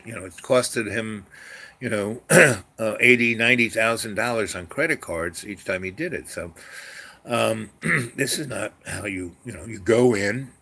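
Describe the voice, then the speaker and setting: A man hosting his own channel, telling a long story in a meandering way with lots of fillers and restarts and frequent throat clearing. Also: fairly low pitch, pushed and bright. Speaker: channel host. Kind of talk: rambling storytelling monologue.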